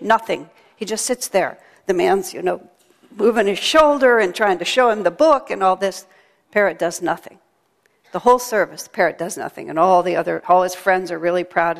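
A woman's voice: medium pitch, vocal fry. A woman giving a chatty, storytelling sermon at a temple. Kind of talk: sermon with a told joke. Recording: long hall reverb.

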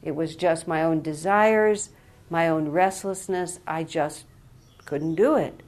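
A woman's voice: low-pitched, slow pace, darkish tone. Earnest woman giving a spiritual talk. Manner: earnest reflective storytelling. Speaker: spiritual teacher.

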